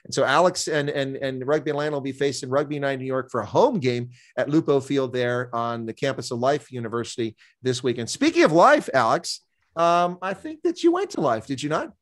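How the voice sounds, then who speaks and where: A male host leads a casual interview at a brisk clip. His words tumble out quickly, and he repeats himself as he thinks aloud. His pitch sits mid-range. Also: animated. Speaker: podcast host.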